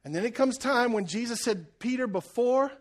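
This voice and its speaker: A man's voice: very high voice, expressive, normal speed. A male pastor preaching a sermon, telling the story with jokes and acting out quotes.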